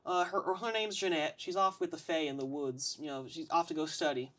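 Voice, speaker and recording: A man's voice: a little high, fairly even intonation, fairly quick, fairly bright tone, close to an everyday voice. A man doing a rambling farm mother. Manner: hesitant, rambling, many fillers.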